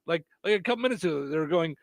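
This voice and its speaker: Man, radio co-host, high lively voice, teasing banter, dry close sound. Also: rapid-fire, gravelly, dry recording. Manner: reads listener messages aloud, chatty and teasing. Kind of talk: casual morning radio banter.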